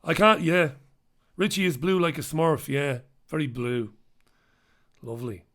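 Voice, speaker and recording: A man's voice: a little high, animated, a little slow, fairly bright tone. Chatty British man hosting a stream. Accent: British English. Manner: chatty, rambling, reads viewer comments aloud. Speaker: host. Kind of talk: casual live-stream chat.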